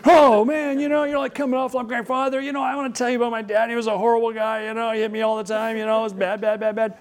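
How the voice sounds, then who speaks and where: A man acting out a frantic, jittery man who chatters fast to dodge a question, his voice pushed up high. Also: little pitch movement. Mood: evasive. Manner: rapid evasive chatter.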